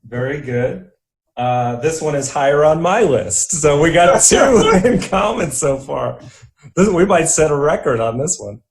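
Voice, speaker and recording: A young man co-hosting a casual chat about favorite films, easygoing, laughing often and filling pauses with "uh". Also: fairly high pitch, animated. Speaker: podcast co-host.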